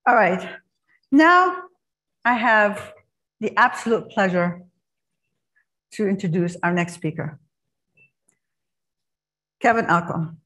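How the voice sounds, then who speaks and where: A woman's voice: mid-range voice, animated, slow pace, long pauses, a bit bright. A woman hosting an event, enthusiastically introducing the next speaker. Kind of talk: scripted introduction. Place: event hall.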